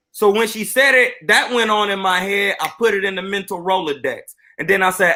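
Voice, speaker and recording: A boxing coach telling a story on a live stream in an animated, boastful way. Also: male voice, high voice, brisk, few pauses.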